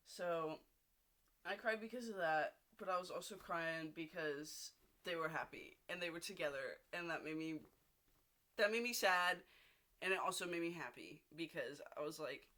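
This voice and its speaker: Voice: mid-range voice, moderate pace, pushed and bright. A vlogger in a casual video diary, rambling and gushing, with frequent restarts and casual swearing, seated at home.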